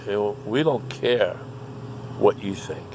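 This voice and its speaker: A man's voice: lowish voice, slow, a little mellow, slight background noise. A man talking to the camera, ranting about his doctors in an indignant, profane, repetitive way. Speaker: vlogger.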